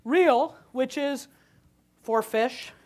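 She draws out her words in a high-sitting voice with a darkish tone. Cooking live at a conference, on the hall's kitchen stage, she jokes and chats with the audience, a little winded.

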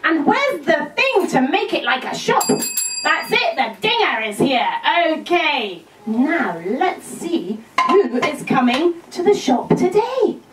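A woman's voice: high-pitched, very animated, takes it slowly, noisy background. A woman hosting a children's puppet show, exclamatory and sing-song. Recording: roomy, from a distance.

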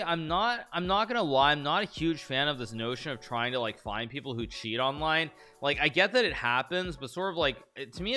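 Lively, bright-voiced man chatting casually. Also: mid-range voice. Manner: chatty, self-interrupting, laughs often, reads lines aloud in a mock-romantic tone. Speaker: streamer reacting to chess memes. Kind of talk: casual live-stream commentary.

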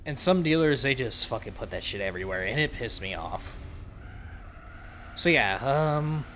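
A man's voice: medium pitch, lively intonation, moderate pace, bright, forceful tone, slight background noise. A young man from the Southern US, with no Southern accent, hosting a casual let's-play, ranting and swearing freely and poking fun at himself. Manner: profane, ranting, self-mocking. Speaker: gaming channel host.

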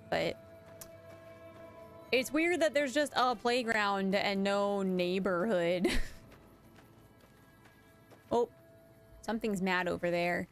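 A woman streamer chatting casually over her gameplay. She is playful and sarcastic and laughs often. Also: medium pitch. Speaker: streamer playing a video game.

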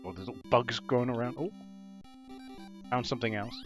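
A man giving excitable first-impressions commentary while playing an old console game, swearing and yelping at enemies. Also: mid-range voice, normal speed, faint music behind. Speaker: gaming channel host. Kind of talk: let's play commentary.

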